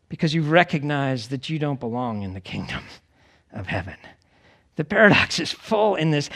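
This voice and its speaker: A man preaching a conversational sermon to a congregation, acting out quoted voices with lively expression. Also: on the high side. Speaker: pastor.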